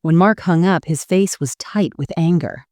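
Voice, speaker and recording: A middle-aged woman narrating a first-person family story in a steady, dramatic storytelling manner. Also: fairly low pitch, moderate pace, no echo, studio quality.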